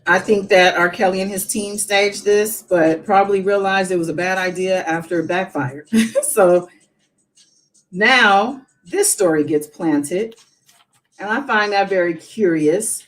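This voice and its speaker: A woman's voice: medium pitch, a little slow, poor audio. A woman hosting a casual live stream, chatting and musing as she reads news aloud with her own asides.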